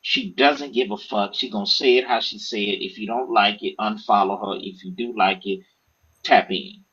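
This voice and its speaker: A man, an author and podcast guest, telling stories in a casual, profane, animated way and acting out what others said. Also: fairly low pitch, normal speed, breathy edge, dull audio. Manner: animated, profane, acts out quoted speech. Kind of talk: casual storytelling interview.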